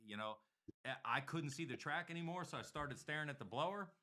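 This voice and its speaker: A man's voice: a little high, expressive, brisk, bright, forceful tone. A man hosting a casual talk show, telling rambling, profane stories. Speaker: podcast host. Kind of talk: casual chat.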